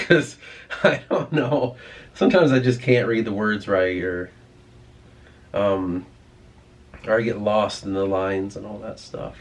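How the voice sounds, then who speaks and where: A man vlogging in a rambling, profane, ranting monologue. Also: lowish voice.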